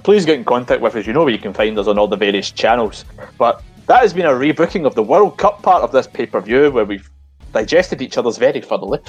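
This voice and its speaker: A man's voice: medium pitch, slightly rough. A man hosting a wrestling podcast, chatting casually and leading into a break. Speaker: podcast host.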